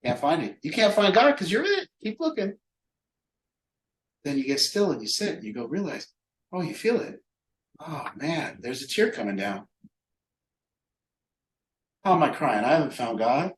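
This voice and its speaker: A man's voice: fairly high pitch, very animated, moderate pace, long pauses. A man leading a recovery group talk, speaking emphatically and rhetorically. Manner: emphatic, rhetorical, acts out imagined voices. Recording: echoey room.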